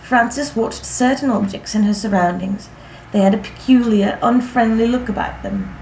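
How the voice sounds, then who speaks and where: A woman narrating a literary story in a measured, vivid descriptive reading. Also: a little high, lively intonation, a little mellow, a little hiss or hum. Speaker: audiobook narrator. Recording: roomy echo, faint ambience.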